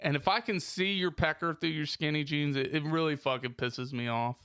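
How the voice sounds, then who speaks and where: A man's voice: fairly high pitch, fairly even intonation, normal speed, bright, forceful tone, clean tone, no echo. A man co-hosting a casual podcast on a studio microphone, ranting about pet peeves with exaggerated complaints and constant swearing. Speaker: podcast co-host. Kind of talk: casual profane podcast banter.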